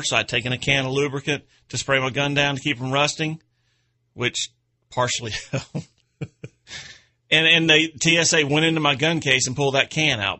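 A man's voice: mid-range voice, sharp tone. A man hosting an outdoors radio show, chatting in a rambling, folksy way and chuckling at his own stories. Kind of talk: casual radio chat.

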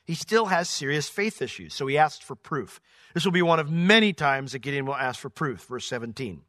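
A man's voice: a little high, lively intonation, fairly quick, sharp tone, dry recording, studio quality. A man teaching through a Bible passage verse by verse, conversational and emphatic, explaining word meanings.

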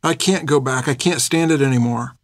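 A man's voice: mid-range voice, fairly quick, no echo, natural voice. A man playing a distraught young girl in a storybook, begging and tearful, her voice lifted well above his own. The sound is close and dry. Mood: pleading. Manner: pleading, tearful. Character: desperate young orphan girl, pleading.

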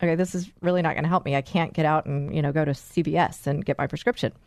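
A woman's voice: low voice, steady tone, fast, a little mellow, no echo, studio quality. A woman acting out a frustrated person stuck down a hole, calling up for help in a pleading voice.

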